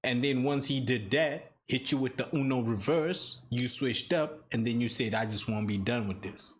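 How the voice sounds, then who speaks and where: A man's voice: medium pitch, normal speed. A man from Zimbabwe with a Zimbabwean accent giving playful, teasing reaction commentary. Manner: playful, teasing, mock-apologetic. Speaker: reaction video host.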